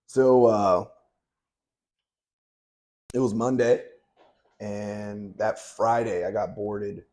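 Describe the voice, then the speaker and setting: A man's voice: lowish voice, mellow. A man in his thirties telling stories as an interview guest, in a blunt, laid-back way and with plenty of swearing. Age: 30s. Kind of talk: casual interview storytelling.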